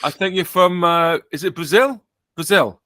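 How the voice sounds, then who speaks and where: Bright-voiced joking British podcast host. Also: male voice, high voice, normal speed, no echo. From Britain. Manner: joking, rambling with self-corrections. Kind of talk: casual chat.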